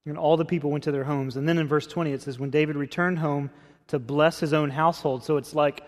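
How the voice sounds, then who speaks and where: A man pastor preaching a sermon in a conversational, expressive way. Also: fairly high pitch, fast talker. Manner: conversational, expressive, acts out scripture quotes. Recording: long hall reverb.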